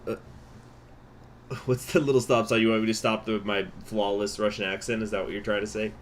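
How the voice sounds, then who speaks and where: A man's voice: fairly low pitch, level tone, a little fast, slight background noise. A man casually commentating his strategy game on a live stream, chatting with viewers as he goes. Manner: chatty, answers chat, many fillers.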